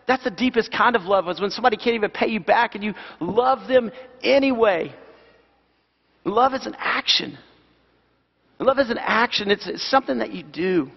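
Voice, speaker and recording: A middle-aged man preaching a sermon in a church, animated and repeating key phrases for emphasis. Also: high voice, gravelly, husky. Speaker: pastor. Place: church sanctuary. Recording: dull sound with long hall reverb.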